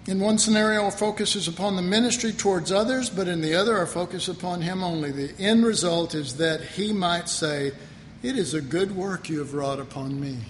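A man with a high voice preaches, animated and emphatic, pressing his key points home. His voice rings through a reverberant hall with a faint background hum. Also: fairly quick. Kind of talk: sermon. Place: church hall.

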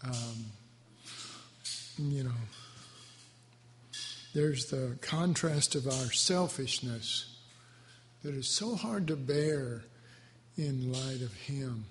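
A man giving devotional Bible teaching in a tender, halting, emotionally moved way. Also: mid-range voice. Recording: echoey hall with faint background noise.

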